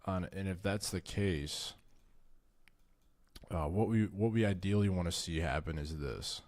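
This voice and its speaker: A man's voice: low voice, a little slow, darkish tone, dry recording. A man hosting a casual trading livestream, talking loosely and cursing, stumbling over his words as he walks through charts. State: tired, short on caffeine. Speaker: trading stream host.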